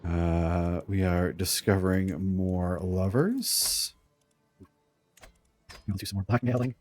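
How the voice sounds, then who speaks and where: A man's voice: low voice, slow, darkish tone. A man streaming a strategy game, giving chuckling, playfully scheming let's play commentary.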